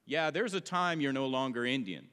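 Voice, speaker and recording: A man's voice: medium pitch, lively intonation, moderate pace, fairly bright tone, smooth. A man giving an informal history lecture to a meeting, explaining in a plainspoken way with casual, joking asides. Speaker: presenter. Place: meeting hall. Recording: echoey hall.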